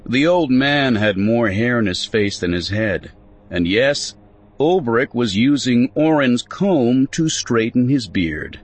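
A man narrating a story in an expressive, scripted audiobook reading. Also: medium pitch, slow pace.

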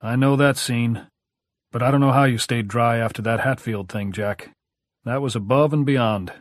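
A man voicing a gruff, friendly middle-aged man, a reformed drinker who talks bluntly and heartily. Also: mid-range voice, normal speed, dry recording, clean studio sound, lightly acted. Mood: hearty.

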